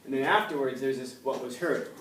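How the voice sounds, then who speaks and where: In this classroom lecture, a man speaks a little fast in a mid-range, fairly bright voice. He's blunt and direct, constantly firing rhetorical questions at his students, and the mic catches him from afar in a reverberant room over a faint hum.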